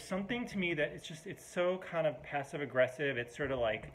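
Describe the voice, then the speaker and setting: A man's voice: fairly high pitch, animated, fairly quick, hardly any pauses, a bit bright, a little hiss or hum. A man in a casual, rambling to-camera monologue at home, full of fillers and restarts, mildly exasperated. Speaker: vlogger.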